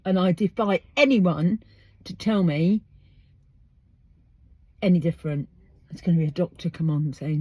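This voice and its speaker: Outdoors, an English woman runs her podcast as a casual monologue, chatting with emphasis and firing off rhetorical questions. She speaks at normal speed but pauses often, her somewhat low voice darkish and breathy. There's no reverb on the dry recording.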